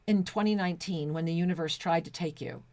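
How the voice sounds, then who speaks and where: A woman's voice: fairly low pitch, quick pace, a little mellow, no echo. A woman co-hosting a spiritual talk radio show, reading listener messages in an effusive, devotional way and often restarting her sentences. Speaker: co-host.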